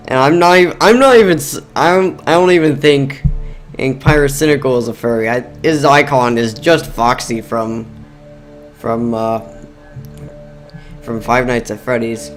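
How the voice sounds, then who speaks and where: Rambling young man voicing gameplay commentary. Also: medium pitch. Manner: rambling, self-interrupting, jokey. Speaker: gaming video host. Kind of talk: casual gaming commentary.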